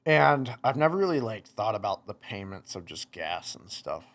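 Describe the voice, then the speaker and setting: A young man, a podcast guest, telling stories in casual chat, animated, laughing and acting out what people said. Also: on the low side, normal speed. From United States. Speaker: podcast guest, motocross racer. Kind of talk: casual storytelling.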